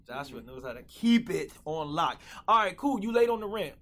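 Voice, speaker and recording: A man hosting a podcast, running a game with laid-back slangy banter and quick asides. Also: on the high side, very animated, fairly bright tone. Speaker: podcast host. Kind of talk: casual banter.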